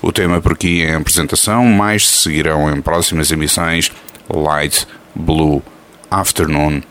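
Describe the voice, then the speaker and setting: A man, presenting a radio show in a calm, measured announcing style. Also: very deep voice, a little hiss or hum. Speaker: radio host.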